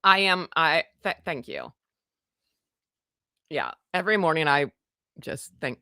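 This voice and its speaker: A loud, chatty woman from Canada hosts a casual home livestream, greeting her viewers one by one and poking fun at herself. Her voice is bright and forward. The sound is dry and close to the mic. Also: deep voice, lively intonation, slow, clear, resonant tone, no room sound. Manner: chatty, greets viewers by name, self-deprecating. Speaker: livestream host. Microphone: desk microphone.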